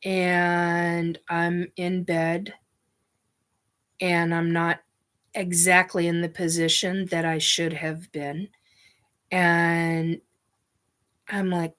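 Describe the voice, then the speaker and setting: Woman, lowish voice, unhurried, blunt storytelling, curses, halting. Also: flat delivery, fairly bright tone, clean tone. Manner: blunt, swears freely, halting restarts. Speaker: host. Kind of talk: personal storytelling.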